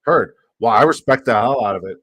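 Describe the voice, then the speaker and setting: A man's voice: lowish voice, fast, a bit bright, no room sound. A man with a Canadian accent, hosting a live fantasy football stream, rambling and swearing as he reacts to chat.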